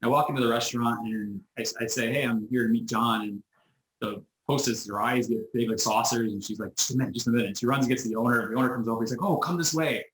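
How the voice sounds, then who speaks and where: Heard through an echoey video call, a quick, animated American man with a mid-range voice tells stories as a business-owner guest in a casual interview. He often restarts his sentences and acts out the voices of the people he's quoting.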